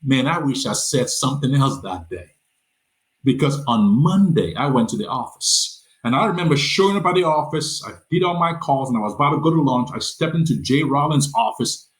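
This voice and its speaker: A man tells his story as a podcast guest, speaking in earnest at a mid pitch. He often trips over repeated small words as he pushes the story forward. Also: lively intonation, brisk, poor audio. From Nigeria. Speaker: podcast guest, nonprofit founder. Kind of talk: personal storytelling in a conversation.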